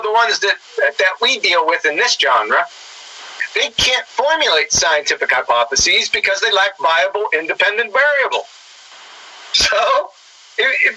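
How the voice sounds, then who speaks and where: A man's voice: high-pitched, bright, forceful tone, a little hiss or hum, low-quality recording. A man giving a sarcastic, lecturing commentary that mocks his targets.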